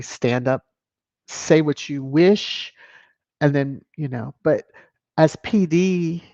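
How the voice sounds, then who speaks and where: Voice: medium pitch, no echo. Chatty live stream host, lo-fi sound. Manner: chatty and animated, laughing often. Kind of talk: casual live stream chat, reading viewer comments aloud. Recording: dull lo-fi dry stream audio.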